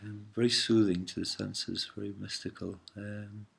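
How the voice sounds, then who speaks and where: A man's voice: fairly low pitch, level tone, normal speed, gravelly, fairly bright tone, breathy edge. A man telling a personal story in a casual, meandering monologue, hesitant and full of fillers, often calling the listener mate or man.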